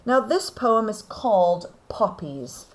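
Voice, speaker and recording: A woman teaches a class, unhurried and measured, pausing to check with "okay?" that her students follow. Her voice sits at an ordinary middle pitch. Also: very animated, low-quality recording. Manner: slow, deliberate explaining with frequent "okay?" checks. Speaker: English teacher. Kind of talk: recorded lesson on poetry.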